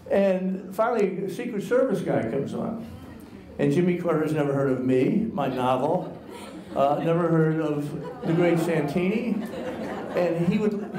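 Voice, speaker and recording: A man's voice: a little high, noisy background. Man telling wry stories in an echoey hall. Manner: wry, self-mocking anecdotes. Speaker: author and guest speaker. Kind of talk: humorous storytelling talk to an audience. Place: college lecture hall with an audience.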